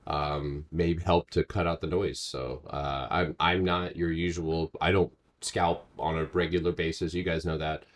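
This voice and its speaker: A man hosting a live stock trading stream, chatting casually and excitably with laughing asides. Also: extremely low pitch, a little slow, few pauses.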